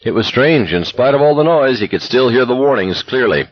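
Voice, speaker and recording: A man narrating an audiobook in a steady, intense voice. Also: medium pitch, a little fast, dry recording, muffled recording. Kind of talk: scripted narration.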